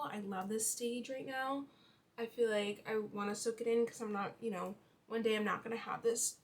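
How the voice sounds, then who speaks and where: Young woman rambling thru her makeup routine, higher voice, lots of likes. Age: 20s. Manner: chatty, lots of fillers. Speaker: beauty vlogger. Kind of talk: casual chat while doing makeup.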